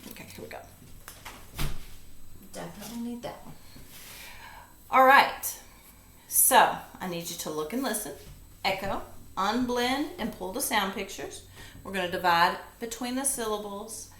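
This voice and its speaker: Her voice is mid-range, pushed and bright, as a woman patiently guides a phonics lesson step by step at a slow pace. The echoey classroom carries faint ambience and a little hiss or hum.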